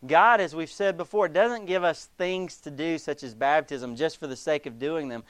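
A man preaching a sermon as pastor, emphatic and animated, acting out the voices of the people he quotes. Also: on the high side, smooth, no echo.

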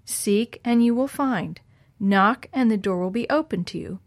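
Woman reading as a gentle patient schoolteacher. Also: medium pitch, a little slow, no echo, natural voice. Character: kind patient female schoolteacher. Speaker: teacher in a Sunday-school story.

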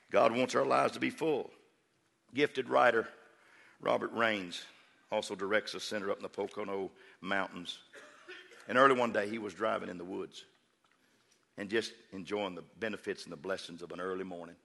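A man's voice: lowish voice, fairly even intonation, moderate pace, vocal fry, long reverb tail, slight background noise. A man preaching a sermon, with rhythmic call-and-response and fervent, rising exhortation. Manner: rhythmic call-and-response, building to shouting fervor.

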